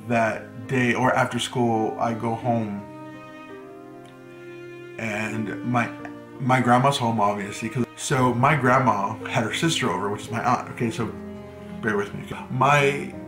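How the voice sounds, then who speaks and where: A man's voice: mid-range voice, steady tone, slow. A man with Mexican roots telling a story from his teen years in a casual storytime vlog, chatting loosely with lots of "like". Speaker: vlogger. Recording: echoey room with music behind. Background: background music.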